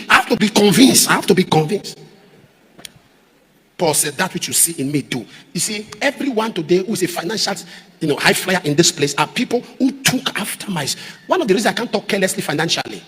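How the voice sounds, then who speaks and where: A man preaching a sermon as pastor, repeating refrains and rising to shouts. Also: sits high, slightly rough. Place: large church auditorium. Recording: echoey church hall.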